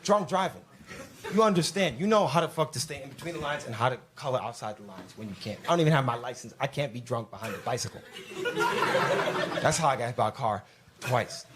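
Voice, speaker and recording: A man's voice: mid-range voice, fast, background noise. A man doing a stand-up comedy set, telling crude stories brashly and putting on voices for the people in them. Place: comedy club stage with live audience.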